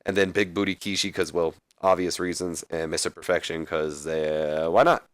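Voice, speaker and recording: A man's voice: deep voice, fairly even intonation, normal speed, a bit bright, dry recording. A young man casually recapping a wrestling game as a let's play host, rambling a little. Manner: casual, rambling, reads out scripted lines.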